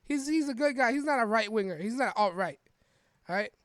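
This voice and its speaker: A woman hosts a podcast and talks through the news in a loose, rambling way, restarting her sentences and tagging them with questions. Her voice sits on the higher side. The sound is dry and close, with no room around it. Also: lively intonation, a little fast, no room sound. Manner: rambling, frequent restarts and "right?" tags. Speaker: podcast host. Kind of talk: casual political commentary reading an article.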